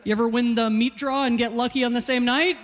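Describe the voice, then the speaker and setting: A woman's voice: a little high, steady tone, fast, noisy background. A woman in her forties from Calgary, doing a self-deprecating stand-up comedy set on stage. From Calgary, Canada. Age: 40s. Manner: punchy, self-deprecating storytelling. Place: comedy stage with live audience. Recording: live hall with long reverb.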